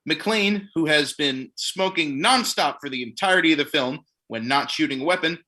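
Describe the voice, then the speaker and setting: A man narrating the stage directions of a comedic play reading, with wry deadpan asides. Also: a little high, moderate pace.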